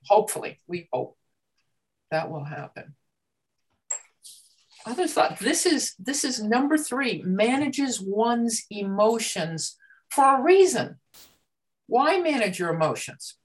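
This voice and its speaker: A woman facilitating a coaching group discussion, speaking in a measured, reflective way. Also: mid-range voice, lively intonation, low-quality recording.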